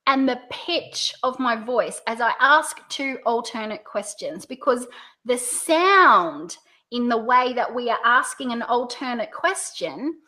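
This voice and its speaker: An Australian woman coaching direct sellers in a video lesson, upbeat and playing up her rising and falling pitch. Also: pushed and bright. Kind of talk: video tutorial.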